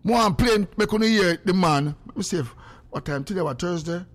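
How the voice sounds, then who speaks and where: On a casual livestream, a social media streamer with a high, gravelly voice chats briskly and excitably, greeting viewers by name with lots of animation.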